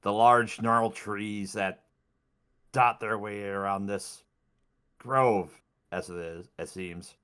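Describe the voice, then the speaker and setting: A man narrating a tabletop game as dungeon master, describing scenes in an expressive way. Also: lowish voice, takes it slowly, smooth.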